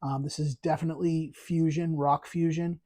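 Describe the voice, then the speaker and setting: A man chats casually to camera about his latest records, talking with real enthusiasm. He rambles and restarts often, with plenty of ums along the way. His voice sits a little high for a man, with a warm, mellow tone. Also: level tone, moderate pace. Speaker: vinyl collector channel host. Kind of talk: casual record review vlog.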